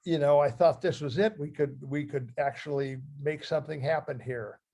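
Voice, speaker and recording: Older man from Ohio, halting heartfelt talk. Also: on the high side, steady tone, mellow. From Ohio, USA. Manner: halting and heartfelt, often restarting phrases. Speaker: guest speaker. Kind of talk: talk reading from his memoir.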